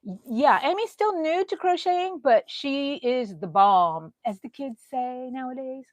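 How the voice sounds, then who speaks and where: A middle-aged woman hosts a live crochet stream from home, casually chatting while she works, reading out viewer comments, and yawning often. Her voice sits high and is animated, a little slow, on a dry recording.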